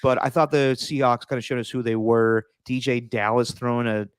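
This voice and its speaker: A man talks sports in a casual podcast chat, earnest and emphatic. His voice is smooth and resonant, at a middle pitch, and the recording is dry and close. He stumbles over and repeats words when he gets worked up. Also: steady tone, normal speed, no echo. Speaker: podcast co-host.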